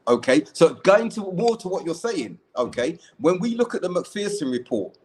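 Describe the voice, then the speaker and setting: A man's voice: high-pitched, big pitch swings, moderate pace, hardly any pauses, a little mellow. Earnest man stumbling through his points. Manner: earnest, stumbles over words, reads quotations. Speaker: podcast co-host. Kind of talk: casual discussion, reading passages aloud.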